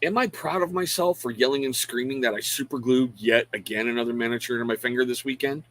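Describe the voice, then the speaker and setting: A man's voice: medium pitch, fast talker, fairly bright tone, poor audio. A middle-aged man hosting a casual live stream in a loose, rambling way. He speaks frankly and pokes fun at himself, breaking off mid-thought to greet viewers by name. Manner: frank, self-deprecating. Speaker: live show host.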